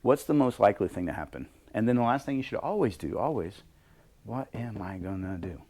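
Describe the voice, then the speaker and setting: A middle-aged man leading a workshop on leadership, talking in a lively way and acting out bits of dialogue in different voices. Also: fairly low pitch, brisk. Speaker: leadership coach. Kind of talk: workshop talk. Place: workshop room with a small group.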